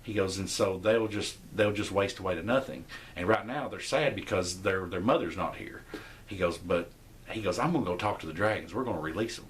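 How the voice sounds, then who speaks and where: A young man hosting a podcast, casually recapping an episode and acting out the characters' lines with shifting pitch. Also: a little fast, a little hiss or hum. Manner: rambling, acts out quotes with shifting pitch. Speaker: podcast host.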